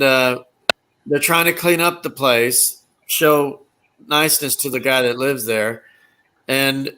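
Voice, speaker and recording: A man in casual chat, animatedly retelling comedy scenes with lots of fillers and rambling asides. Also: a little high. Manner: animated storyteller, acts out quotes from comedy scenes; loose, rambling with many fillers. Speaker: conversation partner.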